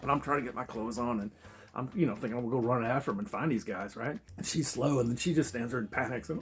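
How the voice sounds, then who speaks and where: A man spins a wild travel story at a fast clip, swearing freely and laughing between his lines. His voice sits at an ordinary middle pitch, and he tells it loosely and casually. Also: husky. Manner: profane, laughing, animated. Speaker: travel vlogger.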